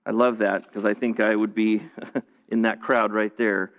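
A man's voice: on the low side, level tone, unhurried, big-room sound, lo-fi sound. A man delivering a sermon to viewers at home, conversational and earnest, often restarting and repeating phrases. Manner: conversational preaching with frequent restarts and repetition. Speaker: pastor. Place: church, streamed to viewers at home.

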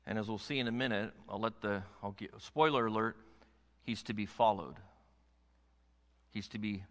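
A male pastor delivers a sermon in a bright, forceful voice. He moves between hushed, intimate passages and loud, pressing exhortation. The sound carries a long reverb from a large church sanctuary. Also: medium pitch.

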